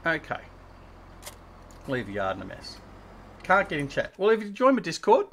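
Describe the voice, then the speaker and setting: A man's voice: fairly high pitch, huge pitch swings, normal speed, fairly bright tone, slight background noise. A man hosting a casual gaming livestream, chatting and teasing his guests while he plays. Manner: chatty, teasing, thinking aloud while playing. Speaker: livestream host.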